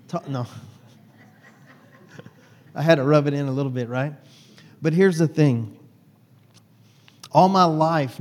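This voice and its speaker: A man telling a personal story to an audience in a folksy, animated way. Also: fairly high pitch. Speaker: speaker.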